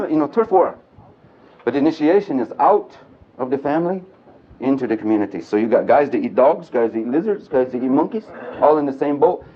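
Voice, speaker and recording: A man giving an animated storytelling lecture to a live audience at a men's gathering, joking and speaking bluntly. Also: medium pitch. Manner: animated and earthy, mixing jokes and blunt language. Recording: dull lo-fi archive tape.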